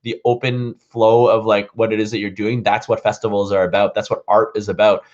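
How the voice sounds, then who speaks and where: A man's voice: lowish voice, flat delivery, brisk. Rambling male vlogger, dull lo-fi sound. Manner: rambling, full of "like" and "um" fillers. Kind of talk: casual storytelling to camera. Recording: dull lo-fi recording.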